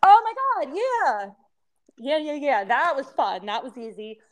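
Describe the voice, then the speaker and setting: Female podcast co-host, 30s, high voice, lisp, loose rambling chat. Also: big pitch swings, measured pace. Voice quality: lisp from temporary crowns. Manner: chatty, rambling, laughs often. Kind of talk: casual chat.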